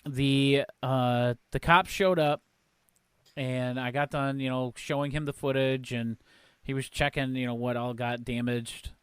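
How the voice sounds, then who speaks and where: A man's voice: mid-range voice, fairly even intonation, measured pace, clean tone, dry recording. A man co-hosting a podcast in casual chat, recounting an incident step by step. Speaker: podcast co-host.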